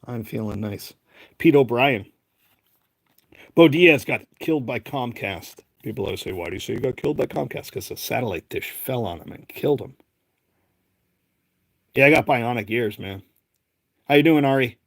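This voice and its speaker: A man's voice: mid-range voice, animated, normal speed, pauses often, no echo. A man with a Boston accent hosting a casual live stream, chatting and rambling as he calls out names one after another. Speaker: live-stream host opening card packs.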